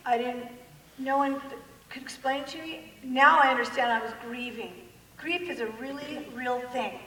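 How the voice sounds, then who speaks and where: A woman giving an animated personal testimony in a church hall, full of self-mocking humor and acted-out quotes. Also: sits high, moderate pace, distant mic. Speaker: guest speaker. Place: large church hall with an audience. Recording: echoey hall recorded from afar.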